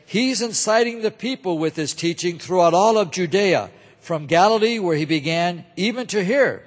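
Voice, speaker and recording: A man's voice: high-pitched, animated, normal speed, voice pushed up. A man reading the lines of a hostile male council of accusers, demanding and raised, in a church hall with a long echo.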